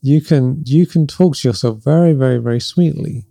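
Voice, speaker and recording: A middle-aged man hosting a spiritual podcast, gently and reflectively coaching listeners, often checking in with "right?" and laughing softly. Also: medium pitch, gravelly, no echo. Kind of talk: spiritual teaching talk.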